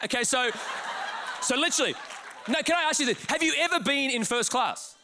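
An Australian man, a pastor, telling a comic, self-mocking story in an animated sermon. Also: very high voice, a little fast.

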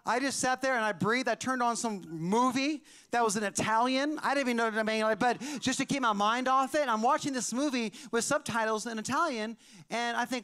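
A man preaching a sermon through a personal story, animated and building to shouted high points. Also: brisk, smooth. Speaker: pastor.

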